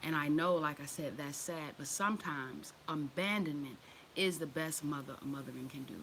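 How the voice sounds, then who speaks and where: A woman talks straight into the mic in a loose, unscripted monologue, blunt and full of swearing. Her voice is bright, with a slight edge to it. She laughs easily and slips into other people's voices as she tells things. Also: low voice, moderate pace, slight background noise, rough recording. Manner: blunt and profane, laughs often, acts out quoted voices. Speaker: host.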